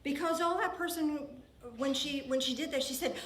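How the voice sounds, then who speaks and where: A woman's voice: high-pitched, normal speed, few pauses, fairly bright tone. A woman minister giving an earnest, emphatic sermon in a church, often repeating her phrases for weight. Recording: roomy church hall with faint ambience.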